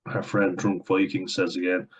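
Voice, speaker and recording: A man's voice: low-pitched, flat delivery, normal speed, slightly rough, lo-fi sound. An Irish man talking bluntly and profanely in a casual, sardonic opinion rant for his vlog. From Ireland. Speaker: vlogger.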